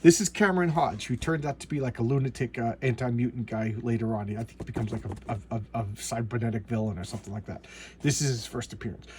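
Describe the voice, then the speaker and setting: A man's voice: mid-range voice, fast talker, a little hiss or hum. A man talking casually and sarcastically about an old comic, rambling with many restarts and trailing asides. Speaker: comic book reviewer. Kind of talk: casual comic review monologue.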